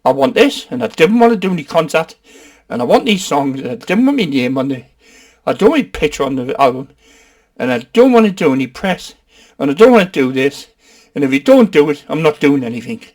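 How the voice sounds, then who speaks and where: A man with a Geordie accent putting on a whining, self-pitying male rock star, higher and louder than his own voice. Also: sing-song, fairly quick. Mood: whiny. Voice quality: whining, high and loud.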